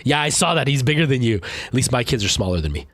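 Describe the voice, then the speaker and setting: A man's voice: mid-range voice, sing-song, quick pace, a bit bright, no room sound. A man in his thirties, a streamer casually chatting to his viewers in a rambling way, full of fillers and restarts. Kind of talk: casual chat with live chat.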